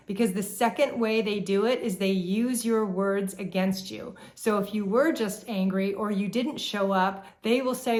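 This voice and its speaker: A woman hosting a relationship advice talk, explaining calmly and speaking straight to her viewers. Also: medium pitch, a little slow, hardly any pauses. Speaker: relationship therapist host. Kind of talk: educational talk to camera.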